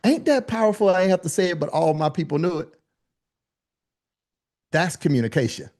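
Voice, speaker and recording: A man teaching a live online speaking workshop, with lively, colloquial, high-energy delivery, calling on attendees by name. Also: a little fast. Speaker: speaking coach.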